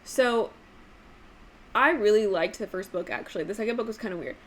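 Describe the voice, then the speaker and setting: A woman hosting a casual book vlog, talking emphatically with lots of "like" fillers and sometimes showing off voices with sudden jumps in pitch. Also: moderate pace, a bit bright. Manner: chatty, emphatic, frequent "like" fillers. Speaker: book channel host.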